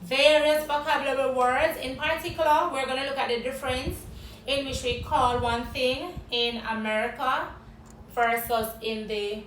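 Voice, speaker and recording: A high-pitched Jamaican woman teaches vocabulary, spelling words out and putting questions to a guest. She sounds a little off the mic in an echoey room, with faint background noise. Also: fairly even intonation, normal speed, fairly bright tone, recorded from a distance. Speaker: English teacher. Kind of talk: vocabulary lesson.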